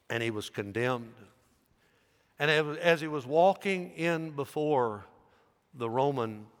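A man, a pastor preaching a sermon as he tells a story, with rising emphasis. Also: medium pitch. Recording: long reverb in a large hall.

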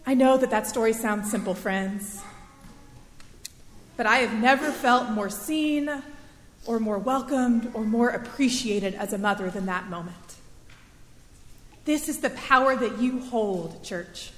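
A woman in her thirties telling a personal story as a sermon, in a chatty, animated storytelling way. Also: on the high side, a little slow, long pauses, a little hiss or hum. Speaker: preacher. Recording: echoey hall with long reverb.

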